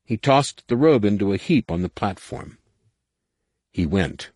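A man reading an audiobook in a measured, dramatic narration. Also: lowish voice, lively intonation, darkish tone, no echo, studio quality. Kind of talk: scripted narration.

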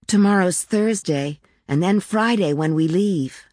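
A woman's voice: on the low side, unhurried, a little mellow, no room sound, clean studio sound, pitched above the performer's own voice. A woman voicing an earnest young boy in a storybook, who speaks in a matter-of-fact, eager way. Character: earnest young boy, busy tunnel-builder.

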